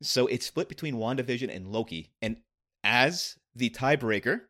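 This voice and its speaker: A man's voice: medium pitch, expressive, normal speed, sharp tone. A man guest-hosting a podcast, chatting playfully and mocking himself. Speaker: guest emcee. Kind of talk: casual chat.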